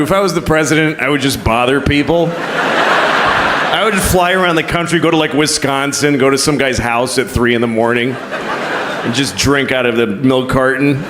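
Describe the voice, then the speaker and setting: A man's voice: mid-range voice, moderate pace, big-room sound. A man doing crude, exasperated stand-up comedy on stage, speaking into a handheld mic. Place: comedy stage before a live audience. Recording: live show with loud audience noise.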